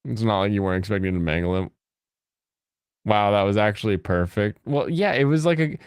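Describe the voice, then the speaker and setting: An American man chatting casually with his live-stream audience, joking and breaking into high mocking voices. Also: moderate pace, smooth, no echo, clean studio sound. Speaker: streamer reacting to chat.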